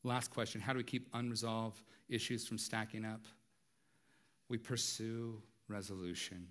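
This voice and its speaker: A man's voice: fairly low pitch, flat delivery, normal speed, fairly bright tone. A man preaching a sermon in a conversational way, with light humor and frequent rhetorical asides. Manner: light humor, acts out everyday dialogue. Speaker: pastor.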